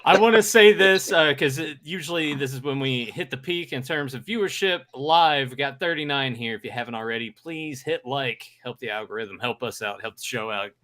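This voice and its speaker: A man's voice: medium pitch, brisk, hardly any pauses, pushed and bright. A man hosting a podcast in casual chat, making friendly plugs and asides. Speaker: podcast host.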